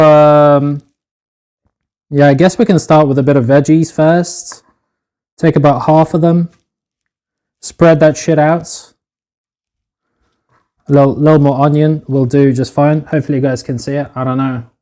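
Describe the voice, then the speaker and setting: A man's voice: a little high, warm tone. A man streaming himself cooking in a home kitchen on a phone, chatting casually, swearing freely and calling his viewers "boys". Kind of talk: casual live-stream chat while cooking.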